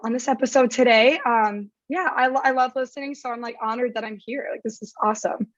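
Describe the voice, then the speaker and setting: A woman with a raspy voice, chatting casually as a podcast guest with lots of fillers. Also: a little high, fast talker, no room sound, dull audio. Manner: chatty, filler-heavy, self-deprecating. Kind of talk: casual chat.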